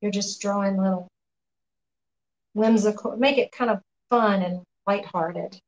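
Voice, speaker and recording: A woman running a live painting demo in her art studio, relaxed and often murmuring to herself as she works. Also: medium pitch, unhurried, muffled recording. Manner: relaxed, talks to herself while working, often quiet and off-mic. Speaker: painting instructor.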